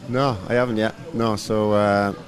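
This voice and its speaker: A man in his thirties, a rugby coach, answering interview questions in a relaxed, rambling way with lots of fillers. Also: lowish voice. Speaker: rugby coach and former player.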